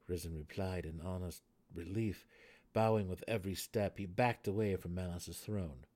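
A man reading a fantasy novel aloud in a dramatic, measured narration. His voice sits fairly low for a man. The read is steady between character voices. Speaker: audiobook narrator.

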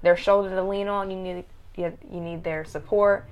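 A woman's voice: medium pitch, steady tone, normal speed, dull audio. A young woman hosting a casual advice show, rambling with frequent restarts. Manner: rambling, restarts, laughs easily. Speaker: host.

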